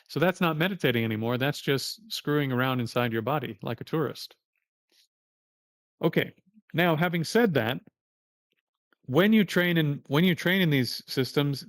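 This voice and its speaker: A man's voice: mid-range voice, no room sound, studio quality. A man teaching a livestreamed meditation class in a casual, plain-spoken way, cursing now and then.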